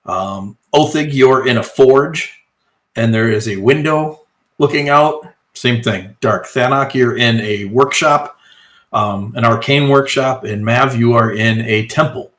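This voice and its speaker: A man narrating as game master of a tabletop role-playing game, relaxed and hesitant with frequent pauses. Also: mid-range voice.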